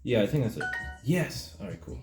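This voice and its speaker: A man hosting a mock language tutorial, rambling in deadpan with feigned confusion. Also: mid-range voice, brisk. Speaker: comedic video host. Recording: roomy sound with faint music.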